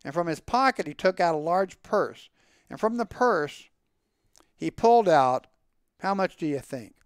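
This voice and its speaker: Expressive male storyteller, lively voice. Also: high voice, a little slow, clear, resonant tone, dry recording, clean studio sound. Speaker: story reader. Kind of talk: reading a story aloud.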